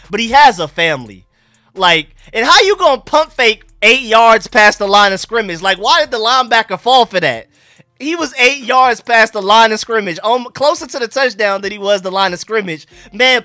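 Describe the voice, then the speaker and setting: Excitable high-voiced man reacting live. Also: no echo. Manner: excitable, joking, talks to chat. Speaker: sports fan livestream host.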